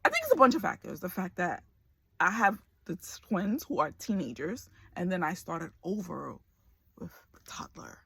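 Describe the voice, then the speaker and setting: A woman's voice: on the low side, sing-song, normal speed, gravelly, a bit bright, husky, no echo. A woman in her forties talking candidly to camera in a personal vlog, emotional and close to tears. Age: 40s. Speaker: vlogger.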